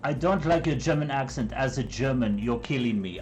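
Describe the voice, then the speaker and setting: A man's voice: mid-range voice, lively intonation, brisk, darkish tone, soft background music, rough recording. A man streaming live from his kitchen while crafting, chatting in a rambling, joking way. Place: home kitchen.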